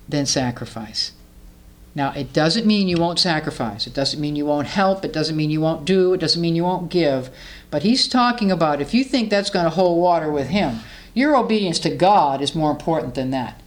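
Earnest woman preaching a sermon. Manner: earnest, rises high when impassioned.

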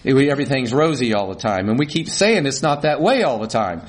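A man's voice: mid-range voice, expressive, fairly quick. A middle-aged male pastor gives a conversational sermon, asks the congregation questions and acts out small quarrels.

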